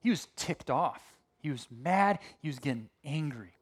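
A middle-aged man preaching from the pulpit in an easy, conversational way. His voice sits a little high and rises and falls with real energy. He breaks off for quick asides and restarts before carrying on. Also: expressive, breathy edge. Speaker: pastor. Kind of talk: sermon.

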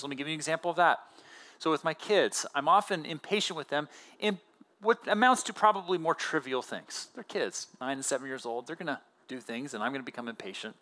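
A man in his thirties, a pastor giving a conversational sermon with casual fillers and animated emphasis. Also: fairly high pitch.

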